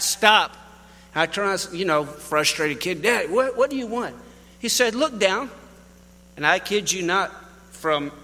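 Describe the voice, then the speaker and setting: A man's voice: a little high, pushed and bright, long reverb tail. A man preaching a sermon, telling folksy stories and addressing the congregation directly. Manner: folksy storytelling with Southern address.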